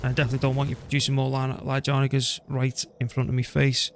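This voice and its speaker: A male streamer talks fast in a medium-pitched, completely flat voice as he plays a strategy game, chatting casually, muttering to himself and swearing a bit. A little hiss or hum sits behind the recording.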